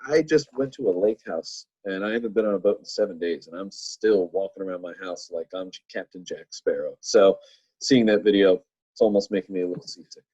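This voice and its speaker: A man's voice: low-pitched, fairly quick, warm tone, breathy edge, no echo, lo-fi sound. A man teaching a church Bible lesson in a playful way, full of jokey asides to his listeners.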